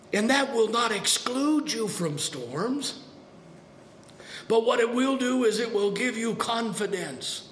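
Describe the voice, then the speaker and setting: A man pastor preaching a sermon to a congregation, swinging between soft and dramatic delivery. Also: sits high, echoey room, a little hiss or hum. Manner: preaching with dramatic shifts, acting out voices. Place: church sanctuary.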